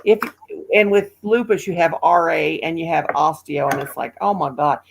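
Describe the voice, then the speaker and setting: A woman's voice: deep voice, normal speed, creaky, slightly rough, poor audio. A woman from Missouri, hosting a casual livestream chat in a homey, emotional way and calling her viewers honey and darling. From Missouri, USA. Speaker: livestream host.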